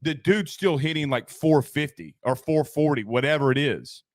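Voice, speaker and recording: Guy hosting a sports talk show, kinda high voice, rambly and fired up, dry close sound. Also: moderate pace, no room sound. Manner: excitable, rambling, laughs at own jokes.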